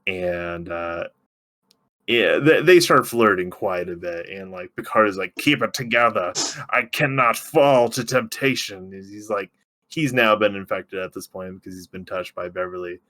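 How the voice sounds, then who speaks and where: A man co-hosting a podcast, recapping a TV episode in casual, excitable chat, swearing freely. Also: low voice. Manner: excitable, swearing, recapping scenes with quick impressions. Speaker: podcast co-host.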